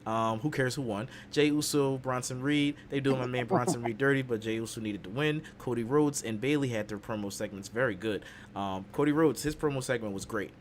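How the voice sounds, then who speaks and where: Host, male, playful recapper, mid-pitched, faint hiss behind. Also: brisk. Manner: playful, slips into silly voices and accents. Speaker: podcast host. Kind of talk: casual wrestling recap.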